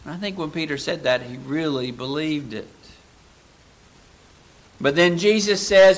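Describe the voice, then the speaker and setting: A man preaching a sermon, slow and dramatic, swinging from loud, raised passages to hushed, low ones.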